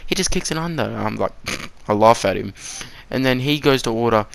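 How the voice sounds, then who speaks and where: A man's voice: medium pitch, animated, a little fast, vocal fry, no room sound. A teenage boy telling a rambling, sweary story about his first work shift, laughing at his own slips. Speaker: vlogger. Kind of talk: casual story time.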